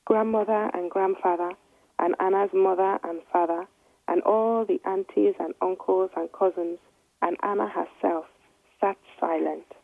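A woman reading a children's story aloud in gentle, measured narration. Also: medium pitch, fairly even intonation, creaky, no echo. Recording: dry, tinny phone-like line.

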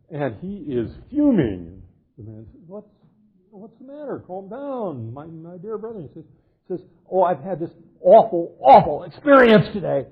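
An older man, a literature professor, giving an animated lecture and cheerfully acting out the characters of a medieval tale, reading old verse aloud. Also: fairly high pitch, husky. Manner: jovial, acts out quoted characters, reads old verse aloud. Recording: tinny phone-like lecture recording.

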